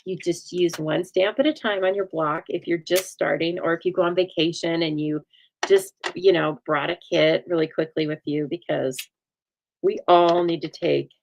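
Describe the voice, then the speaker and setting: A woman hosts a live card-making stream, chatting in a folksy way and answering viewer comments while she crafts. Her voice is on the low side with vocal fry, and the audio quality is poor.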